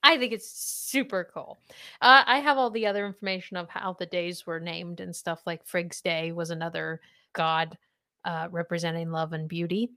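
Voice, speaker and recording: Chatty woman podcast host quizzing. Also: normal speed. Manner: chatty, quizzing with lively swings of pitch. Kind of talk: casual chat.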